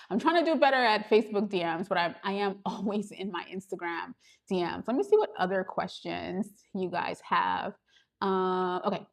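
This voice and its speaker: A woman hosting a casual livestream as a YouTube coach, upbeat, greeting viewers and answering chat questions. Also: medium pitch.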